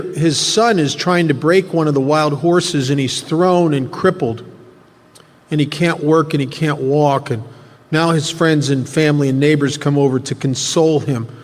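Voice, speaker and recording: A man speaking at a recovery workshop, telling a story earnestly to make a spiritual point. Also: a little high. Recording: long hall reverb.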